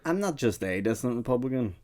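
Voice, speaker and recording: A man's voice: mid-range voice, big pitch swings, fast talker, darkish tone. A man, a guest on a comedy podcast, trading dry, wry banter. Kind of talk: casual comedy chat.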